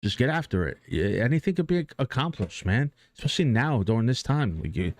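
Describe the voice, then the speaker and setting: A man's voice: mid-range voice, big pitch swings, brisk. A man streaming live who talks casually and earnestly about motivation, rambling with many restarts and fillers and swearing now and then.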